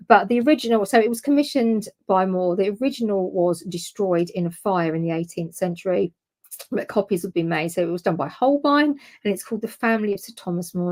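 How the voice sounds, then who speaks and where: A woman's voice: mid-range voice, a little mellow. A woman co-hosting a history podcast, talking through her notes in a chatty, informal way and often correcting herself. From United Kingdom. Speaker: podcast co-host presenting the topic. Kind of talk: casual history podcast chat.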